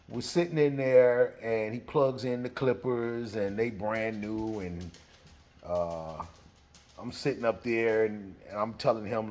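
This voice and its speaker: A man telling a story in a casual way, animated and laughing as he acts out the scene. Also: lowish voice.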